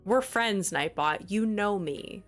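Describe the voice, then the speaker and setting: A woman's voice: medium pitch, slow, soft background music. A woman streamer chatting casually on a livestream, flustered, exasperated and apologetic.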